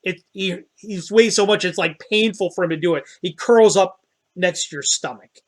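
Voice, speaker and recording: A man running a tabletop game as dungeon master, describing scenes in a relaxed way with hesitant fillers. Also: high voice, normal speed.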